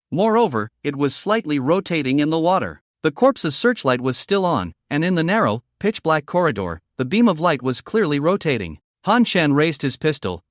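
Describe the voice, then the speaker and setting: Lively male recap narrator, dry sound. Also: on the high side, no echo. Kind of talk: scripted story narration.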